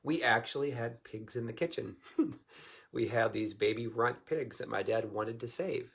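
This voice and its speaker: A man's voice: mid-range voice, moderate pace, vocal fry, a bit bright, slightly rough. A man preaching informally to viewers, rambling in a folksy way and chuckling often. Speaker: Christian minister.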